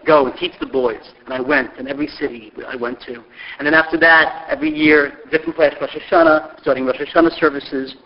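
A middle-aged man telling stories about a mentor, lively and acting out the voices of the people he quotes. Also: fairly high pitch, a little fast. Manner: lively storyteller who acts out quoted voices. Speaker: speaker sharing memories of a mentor. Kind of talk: animated storytelling talk. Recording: dull lo-fi recording.

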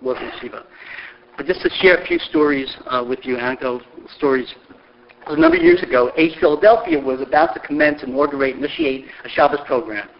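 A middle-aged man telling stories about a mentor, lively and acting out the voices of the people he quotes. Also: fairly high pitch, fast, vocal fry, a little hiss or hum. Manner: lively storyteller who acts out quoted voices. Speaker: speaker sharing memories of a mentor. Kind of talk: animated storytelling talk. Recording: dull lo-fi recording.

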